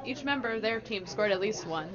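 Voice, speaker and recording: A woman's voice: medium pitch, animated, fairly quick. Chatty woman co-commentating curling. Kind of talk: casual sports commentary. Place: curling club, indoors. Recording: dull audio with crowd noise.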